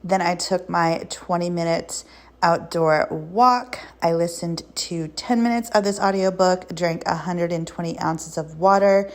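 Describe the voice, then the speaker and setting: A woman's voice: fairly low pitch, a little slow. A woman vlogging in a chatty, upbeat way, saying "y'all" and "girl", and at times out of breath from walking. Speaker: weight-loss vlogger. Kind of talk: casual chat to camera.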